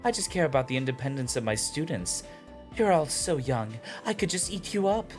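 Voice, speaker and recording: A man's voice: a little high, very animated, brisk, soft background music, voice pushed up. A man voicing a playful young woman teacher in a light, lilting, teasing voice.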